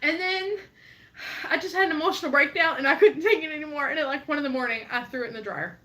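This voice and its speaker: High bright animated woman, laughing storyteller. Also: quick pace. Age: 20s. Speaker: co-host. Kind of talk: casual chat, reading live chat.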